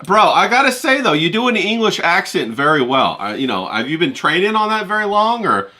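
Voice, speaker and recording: A man's voice: high voice, very animated, brisk, sharp tone. A man hosting a casual livestream, teasing his guest and talking to the chat. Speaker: livestream host.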